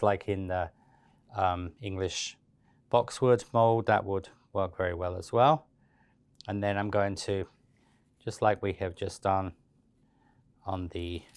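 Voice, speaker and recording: A man giving a relaxed, chatty step-by-step cake decorating tutorial, with frequent fillers and restarts. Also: sits low, no room sound.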